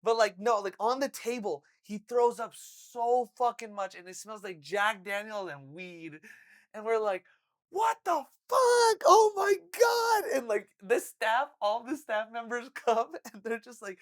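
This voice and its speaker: A young adult podcast co-host telling a story in casual chat, animated and full of swearing, acting out quotes loudly. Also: mid-range voice, a little slow.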